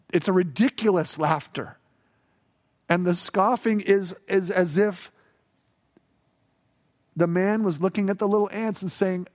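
A man preaching a sermon with expressive delivery, acting out quoted voices and rising sharply for emphasis. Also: high-pitched, a little slow, long pauses. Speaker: pastor.

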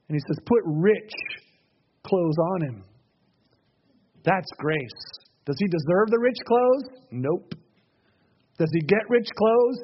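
Higher-voiced man preaching a dramatic sermon. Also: lo-fi sound, slight background noise. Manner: dramatic, swings between hushed and raised passages.

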